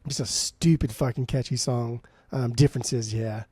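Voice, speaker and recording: A man with a mid-range, mellow, warm voice gives offhand opinions on albums in a relaxed podcast chat. He swears casually and keeps his tone easygoing. The sound is dry, with little room. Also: mid-range voice, normal speed, husky, dry recording. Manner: laid-back, profane, offhand. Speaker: podcast co-host. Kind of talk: casual music review chat.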